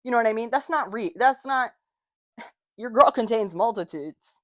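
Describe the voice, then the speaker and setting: A woman hosting her own podcast in a casual, animated solo talk, swearing freely and acting out the voices of doubters. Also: on the high side, moderate pace, no echo, clean studio sound. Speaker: podcast host.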